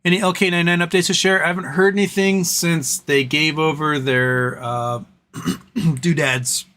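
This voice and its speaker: A man's voice: fairly high pitch, little pitch movement, moderate pace, bright, forceful tone. Tired man rambling on a live stream. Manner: rambling, trails off, many fillers. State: tired voice, clearing throat. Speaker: livestream host. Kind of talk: casual live-stream chat. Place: home room with a fan running.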